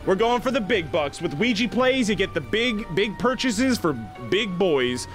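A young man hosting a satirical gaming vlog, acting like an over-the-top hyped youtuber, then dropping into deadpan mumbles. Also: sits high, moderate pace, soft background music. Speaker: gaming video host.

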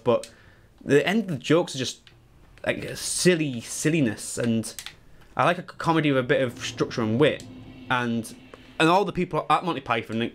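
A young man giving live, excitable, sweary commentary on his gameplay while he talks to chat. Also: mid-range voice, a little hiss or hum. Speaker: speedrunner streamer.

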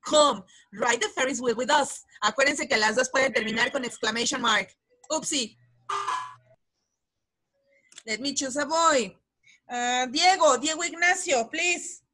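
Over a video call, a woman quizzes children in an English lesson, encouraging them and calling on pupils by name. Her voice is high and sharp in tone, at a normal speed.

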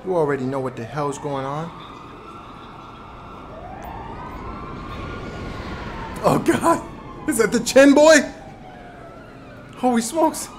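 A man voicing a brash, rowdy young gamer character during a live game stream, shouting boastful trash talk. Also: sits high, huge pitch swings, unhurried, noisy background, voice pushed down, heavily acted. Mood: excited.

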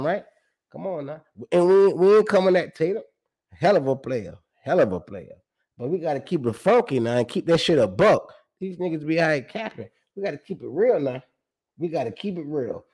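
Animated, slangy man breaking down stats. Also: a little high. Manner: animated, slangy and profane, reciting stats with emphatic repeats. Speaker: sports show host. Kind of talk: casual sports commentary.

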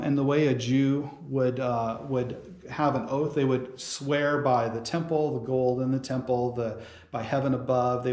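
A man's voice: mid-range voice, darkish tone. Man teaching Bible, echoey church hall. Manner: rambling, full of fillers and restarts. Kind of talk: conversational Bible study sermon. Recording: roomy church hall sound.

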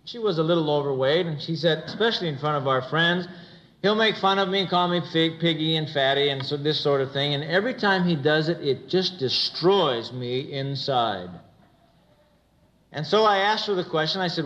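A man's voice: a little high, moderate pace, a bit bright. A man speaking earnestly at a church gathering, telling stories and acting out quoted dialogue. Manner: earnest storyteller who acts out quoted dialogue. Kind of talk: religious talk with stories. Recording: dull lo-fi recording.

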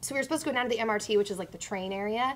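A woman's voice: medium pitch, very fast. A woman on a panel show telling a story in casual chat, acting out the quotes as she goes. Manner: animated storyteller, acts out quotes.

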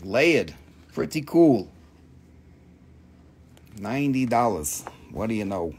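A man's voice: fairly low pitch, very animated, takes it slowly, darkish tone, slight background noise. A middle-aged man with an Appalachian accent hosts a casual live sales stream, talking loosely about his stones, swearing freely and reading out prices and buyer numbers. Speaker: live-stream crystal seller.

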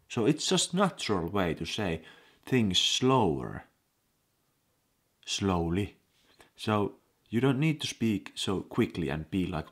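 A man's voice: fairly low pitch, big pitch swings, unhurried, over music. A man from eastern Finland with a Finnish accent, giving a playful, joking video lesson recorded on an action camera mic. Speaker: language teacher vlogger.

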